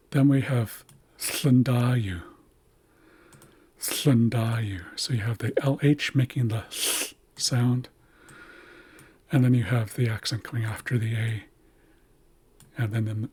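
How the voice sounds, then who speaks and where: A man teaching a language's writing system, slowly explaining letters and repeating words to model their pronunciation. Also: mid-range voice, a little mellow, husky.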